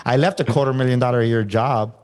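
A man's voice: medium pitch, fast talker. A man being interviewed as a motivational speaker, telling a personal story in a casual way and acting out what people said. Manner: animated, acts out quoted dialogue.

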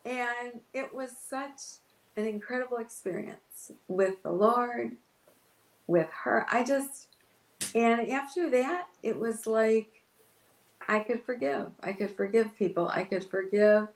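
A woman's voice: fairly high pitch, slow, echoey room, rough recording. A woman pastor telling an emotional personal story in an interview, acting out her own past words. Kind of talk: testimony in an interview.

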